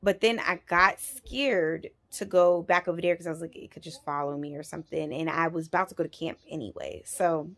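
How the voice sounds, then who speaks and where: A woman in her twenties telling a personal story on her vlog, animated and emphatic, with frequent swearing. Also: sits low, a little fast, hardly any pauses. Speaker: vlogger.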